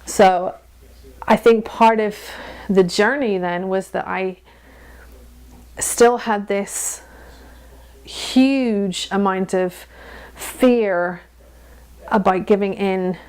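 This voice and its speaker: Woman, thirties, frank, animated, laughing often, candid interview talk. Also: medium pitch, very slow, long pauses, clear, resonant tone. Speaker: interview guest. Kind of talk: candid personal conversation.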